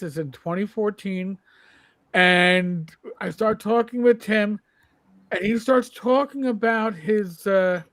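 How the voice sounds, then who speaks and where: A blunt man with a fairly high voice tells a quick story to a panel and swears freely as he talks. The sound is dry and close, with no room around it. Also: a bit bright, no echo. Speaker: panel guest. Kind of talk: casual panel chat.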